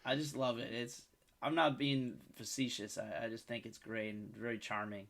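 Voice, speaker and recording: A man co-hosting a crude podcast, swearing freely as he riffs. His voice is bright and forceful, talking over a video call. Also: medium pitch, fairly even intonation, moderate pace, gravelly. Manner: profane and jokey. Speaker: podcast co-host. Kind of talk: crude casual chat.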